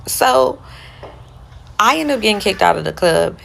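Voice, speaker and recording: A woman's voice: medium pitch, animated, a little slow, gravelly, fairly bright tone, slight background noise, low-quality recording. A young woman chatting casually as she retells a personal story, often slipping into quotes of what she and others said.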